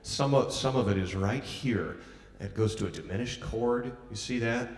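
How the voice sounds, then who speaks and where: Heard from far off in a reverberant hall over the sound of a piano, a master class teacher coaches a pianist through a piece. His voice sits in the mid range and moves at a moderate pace as he offers encouragement and counts or hums the phrases aloud.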